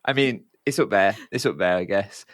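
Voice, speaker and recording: Relaxed man hosting a podcast, dry sound. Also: fairly low pitch, normal speed, no echo. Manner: relaxed, repeats phrases, friendly. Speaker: podcast host. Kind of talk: casual podcast interview.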